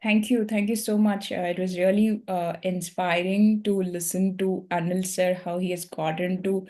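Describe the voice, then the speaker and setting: Low, flat-voiced woman moderating a call. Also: moderate pace. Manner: polite, hesitant, with many fillers. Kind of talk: online meeting moderation.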